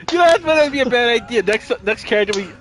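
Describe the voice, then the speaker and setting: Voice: mid-range voice, fairly bright tone. A co-player chatting casually over a video game, teasing and laughing a lot, tossing in mock phrases. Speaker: game streamer. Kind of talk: casual chat over gameplay.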